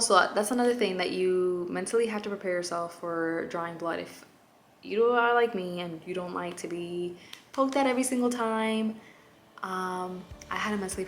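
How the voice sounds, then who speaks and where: A woman's voice: lowish voice, fairly bright tone, slight background noise. A young woman, chatting candidly to her vlog viewers with lots of fillers. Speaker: vlogger. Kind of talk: casual chat.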